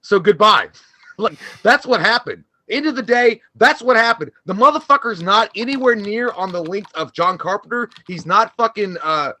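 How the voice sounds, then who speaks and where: A man's voice: high voice, animated, normal speed, bright, forceful tone. A man co-hosting a casual movie podcast, ranting heatedly and profanely with lots of restarts. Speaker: co-host.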